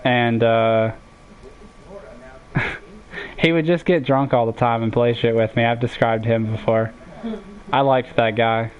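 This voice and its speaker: Man, casual game commentary, rambling stories, laid-back, swears a lot, mid pitch, slightly dull mic. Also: steady tone, measured pace, long pauses. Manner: rambling, laid-back storytelling with profanity and laughs. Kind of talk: casual let's-play commentary.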